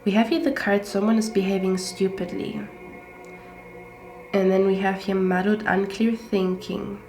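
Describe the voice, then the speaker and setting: Congested woman tarot reader, chatty, filler-heavy, echoey room with soft music under her. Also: mid-range voice, little pitch movement, unhurried. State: congested from a cold. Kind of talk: pick-a-card tarot reading.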